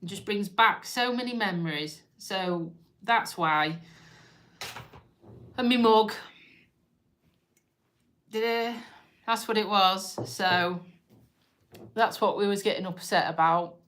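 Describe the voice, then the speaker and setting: A woman's voice: medium pitch, slow pace, pauses often, fairly bright tone. A woman hosting a live stream, talking casually and emotionally, tearful and rambling as she interrupts herself. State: crying on and off.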